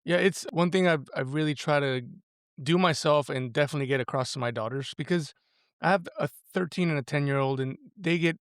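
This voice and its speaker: A man in his forties speaks as a guest on a podcast, earnest and animated. His voice sits on the higher side for a man. The sound is dry and close, with no room around it. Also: fairly quick, clean tone, dry recording. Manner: earnest, animated, lots of "like" and "right?". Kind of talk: casual conversation.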